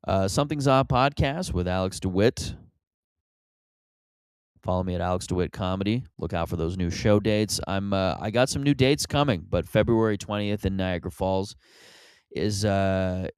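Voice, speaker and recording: A man, hosting a solo comedy podcast and rambling in an animated way, with many restarts. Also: deep voice, measured pace, long pauses, clear, resonant tone, no echo. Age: 30s.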